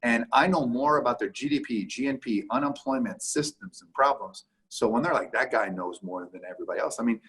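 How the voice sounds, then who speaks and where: As a guest on a business podcast, a Canadian man speaks in a husky, slightly rough, medium-pitched voice that's a bit bright. In this casual interview he talks emphatically, repeatedly acting out conversations and switching quickly between voices.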